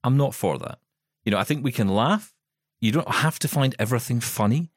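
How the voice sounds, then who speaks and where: Animated, opinionated male podcast co-host. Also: medium pitch, brisk, dry recording, studio quality. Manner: laughs often, opinionated and animated. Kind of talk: casual chat.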